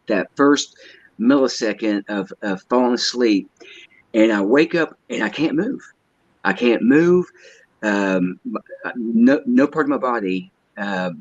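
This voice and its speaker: A man telling a personal story as a guest, halting and hesitant, often repeating his words. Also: fairly low pitch, no room sound. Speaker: guest caller. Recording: dull lo-fi line.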